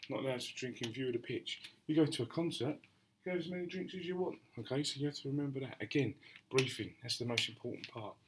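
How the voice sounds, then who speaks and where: A man runs a training session in a loose, chatty way, turning to the class and acting out little exchanges with customers. His voice sits at an ordinary middle pitch, with a faint hiss of noise behind him. He often repeats and restarts his phrases as he goes. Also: quick pace. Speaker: spectator safety trainer.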